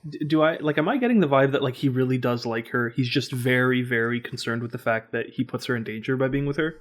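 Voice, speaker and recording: A man's voice: medium pitch, quick pace. A man playing a tabletop role-playing game, describing his moves in a rambling way. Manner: rambling, filler-heavy. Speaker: player.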